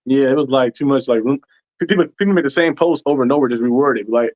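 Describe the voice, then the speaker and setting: A man's voice: medium pitch, fast, a little mellow, highs cut off. A man talking as a guest on a casual livestream, laughing often and acting out quotes.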